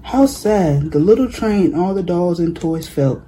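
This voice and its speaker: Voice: mid-range voice, animated, a little slow, dark tone, slight background noise. A reader reading a children's picture book aloud, plainly and with small slips. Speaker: storybook reader.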